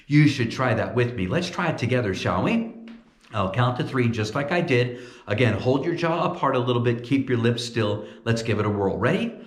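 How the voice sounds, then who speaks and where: A man giving a playful, comic ventriloquism demonstration, talking in a lively storytelling way. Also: mid-range voice, normal speed, roomy sound. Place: church.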